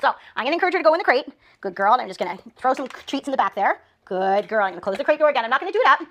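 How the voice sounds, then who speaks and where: A woman's voice: sits high, very animated, rapid-fire, fairly bright tone. A woman dog trainer explaining a demonstration and cooing upbeat praise to a puppy.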